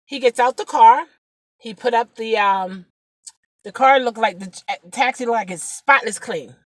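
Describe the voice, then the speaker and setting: Speaking at a measured pace in a fairly high voice, with no room sound, a rideshare driver chats to her camera for a casual vlog. She gets preachy, rambles with fillers, and now and then drops to a whisper.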